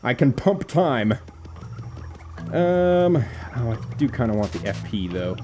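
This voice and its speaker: A man's voice: medium pitch, very animated, slow, a little mellow, soft background music. A man casually commenting while streaming a video game. He is laid-back, swears, and laughs at the game.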